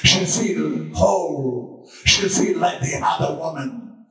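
High-voiced male preacher, slow dramatic telling, far off in a very echoey church. Hushed one moment, shouting the next. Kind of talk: dramatic storytelling sermon. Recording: very echoey room, far from mic.

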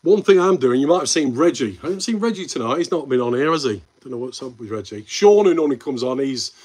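A man's voice: medium pitch, lively intonation, quick pace, darkish tone, husky. A man with a Midlands English accent hosting a casual live stream, rambling and answering viewers' comments, calling them mate. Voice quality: friendly banter with viewers, calls them mate.

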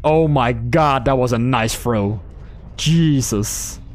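A young man giving casual live commentary on his own gameplay, excitable, laughing and swearing as he talks to the players on screen. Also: medium pitch, takes it slowly.

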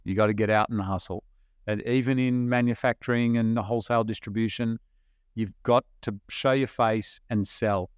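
A middle-aged Australian man speaks as a podcast guest, telling stories of his early business days with animated energy and quick bursts of laughter. His voice sits at an ordinary middle pitch, and the recording is dry and close, with no room sound. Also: clear, resonant tone, dry recording. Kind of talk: storytelling interview talk.

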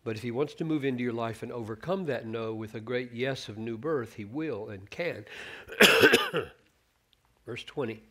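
A middle-aged man preaching a sermon, teaching on scripture in an earnest, animated way and quoting verses with changing emphasis. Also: medium pitch, moderate pace, slightly rough.

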